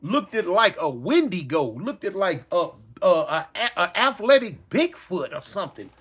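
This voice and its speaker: A man telling a personal story dramatically, acting out yells and reactions. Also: high-pitched, sing-song, measured pace, breathy edge. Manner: dramatic, acts out yells and voices, slangy.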